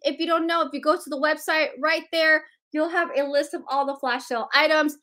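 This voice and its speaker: A woman's voice: sits high, steady tone, brisk, pushed and bright. A woman hosting a live sales stream, greeting viewers by name in a bubbly, chatty way.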